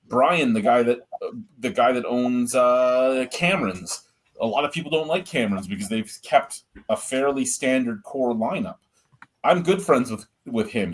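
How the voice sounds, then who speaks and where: Blunt, profane man telling stories. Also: mid-range voice. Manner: blunt, profane, rambling storyteller. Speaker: host of a beer review show. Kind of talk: casual storytelling chat.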